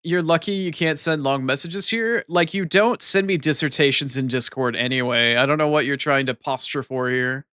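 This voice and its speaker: A man's voice: a little high, moderate pace, few pauses, sharp tone, clear, resonant tone, no echo, studio quality. A man streaming live, bantering with his chat casually, teasing and swearing freely.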